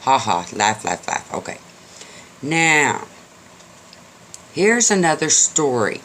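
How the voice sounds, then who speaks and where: A man's voice: fairly high pitch, big pitch swings, slow pace, pushed and bright, slight background noise. Folksy older man telling a story. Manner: folksy, joking, chatty. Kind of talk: casual storytelling.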